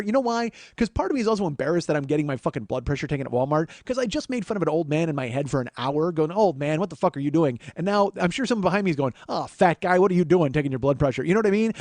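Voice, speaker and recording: A man's voice: sits high, no echo. A man hosting a comedy podcast, telling a story as an exasperated, profane monologue. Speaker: podcast host.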